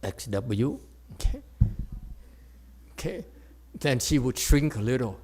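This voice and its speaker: A male meditation teacher leads a Buddhist dharma talk before an audience. He speaks slowly and playfully, teasing his listeners and checking that they follow. His pitch swings widely as he talks. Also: animated, a little mellow. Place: meditation center hall with audience.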